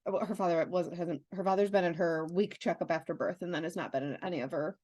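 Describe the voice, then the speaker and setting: A young adult woman co-hosting a podcast, telling stories in a candid, animated way with lots of restarts. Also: fairly low pitch, fast talker, dry recording, studio quality. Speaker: podcast co-host. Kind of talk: casual chat.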